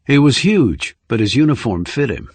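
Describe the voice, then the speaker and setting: A man narrating an audiobook thriller in an even, measured reading. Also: medium pitch, husky, no room sound. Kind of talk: scripted narration.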